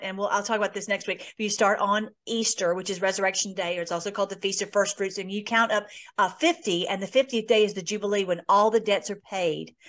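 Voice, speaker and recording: A woman hosts an informal Bible teaching at a middle pitch. She reads scripture aloud, then talks it through earnestly and casually, stopping now and then to search for words. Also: fairly bright tone. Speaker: host.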